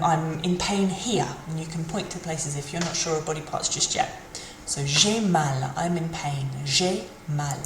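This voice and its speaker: Woman teacher going slow and careful, lowish voice, echoey room w/ faint background hum. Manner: slow, careful, repeats phrases for practice. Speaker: French teacher. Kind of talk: language lesson.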